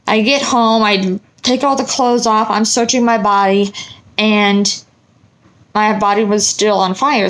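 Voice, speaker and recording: A middle-aged woman vlogger telling a story in a casual, animated way, acting out what people said with exasperation. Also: medium pitch. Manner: animated, exasperated retelling with quoted dialogue.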